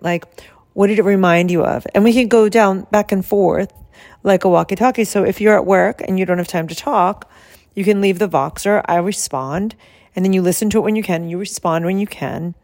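A woman health coach who explains her service in a soft, calm and soothing way and guides slow breathing. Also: mid-range voice.

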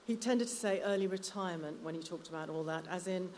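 Low-voiced woman reading her story aloud. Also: quick pace, few pauses, darkish tone, slight background noise. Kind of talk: live literary reading. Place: live literary night venue. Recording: reverberant hall with faint ambience.

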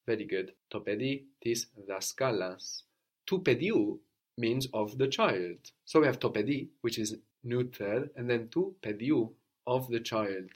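A man's voice: medium pitch, expressive, a little slow. A man teaching a language lesson, patiently prompting a student and repeating model phrases.

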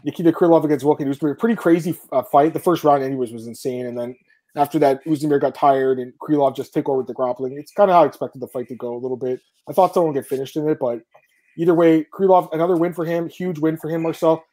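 A man hosting a sports podcast, running through fight results in quick, casual chat. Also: a little high, fairly even intonation, mellow. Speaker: podcast host.

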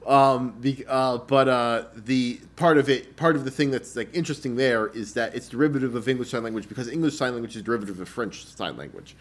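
A man's voice: medium pitch, a little fast, hardly any pauses. A man co-hosting a podcast in casual chat, meandering and hesitant, with many restarts and fillers. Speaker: podcast co-host.

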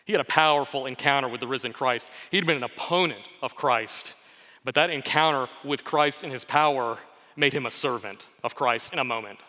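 A man preaching in a clear, bright voice, earnest and steady, pausing to let each point land. He reads scripture aloud and then explains it. His voice rings with a long reverb, as in a large hall. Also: medium pitch. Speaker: pastor. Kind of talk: sermon with scripture reading.

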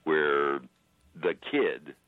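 Deep slow older man on a phone line. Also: animated, no echo. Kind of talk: casual chat.

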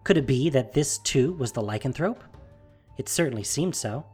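A narrator reading a fantasy story aloud in a measured, steady storytelling manner. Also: mid-range voice, slightly rough, faint music behind.

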